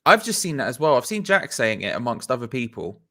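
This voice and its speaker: A man's voice: mid-range voice, sing-song, a little fast, bright, forceful tone. A man, co-hosting a football fan channel in playful, laid-back, teasing live chat. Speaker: co-host.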